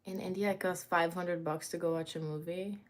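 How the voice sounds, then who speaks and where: A woman's voice: on the low side, fairly even intonation, a little fast. A young woman hosting a casual livestream from home, chatting to viewers and greeting them by name, with plenty of filler words. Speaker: livestream host.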